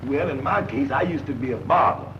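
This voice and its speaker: An actor playing a deadpan former barber who sleepwalks with a razor, speaking in a slow, dry drawl in 1940s film comedy style. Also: male voice, on the high side, natural voice. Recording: dull old film soundtrack with hiss.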